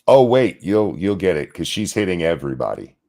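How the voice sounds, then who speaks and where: Man, ranting commentary host, profane, indignant, low voice, lively pitch. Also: gravelly. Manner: profane, indignant, fast bursts.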